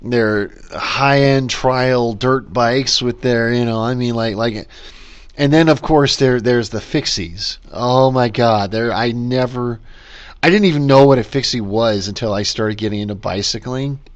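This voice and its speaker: A man's voice: medium pitch, a little slow. Rambling, swearing man on a lo-fi podcast. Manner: rambling, lots of fillers and restarts, profane. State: caffeinated, talking fast. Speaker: podcast host. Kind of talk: casual solo rant.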